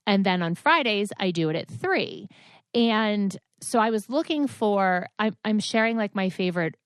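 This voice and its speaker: A woman hosting a podcast alone, chatting casually in a rambling way, often correcting herself and filling pauses with "like" and "um". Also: medium pitch, expressive, smooth, dry recording, studio quality. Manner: rambling, chatty, self-correcting with many fillers. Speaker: podcast host. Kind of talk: casual solo chat.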